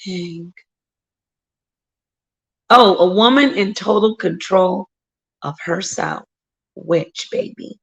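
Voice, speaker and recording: A woman's voice: medium pitch, slow, vocal fry, long pauses, a bit bright, breathy edge, low-quality recording. A woman hosting a casual livestream, greeting viewers by name and talking in a rambling, emphatic way. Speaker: livestream host reading viewer chat.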